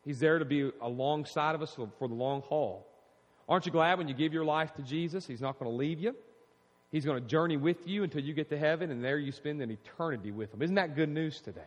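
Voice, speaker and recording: Man preaching, animated call-and-response sermon, church hall reverb. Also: fairly high pitch, fast talker, lo-fi sound. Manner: animated, preaching with rising emphasis and audience call-outs. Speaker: pastor. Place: church sanctuary. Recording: long reverb in a large hall.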